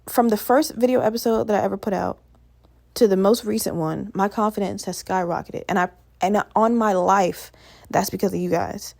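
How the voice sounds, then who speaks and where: Medium in pitch with vocal fry and a slightly mellow quality, this Virginia woman in her twenties rambles through a casual solo podcast, swearing freely and chatting away. There's no room sound on the recording.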